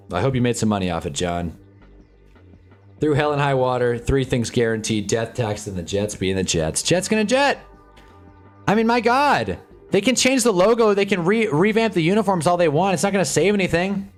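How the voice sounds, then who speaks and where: A man hosting a live stream, chatting casually and sarcastically in a rambling, animated way, reading chat and reacting as he goes. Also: medium pitch, a little fast, faint music behind. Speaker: livestream host.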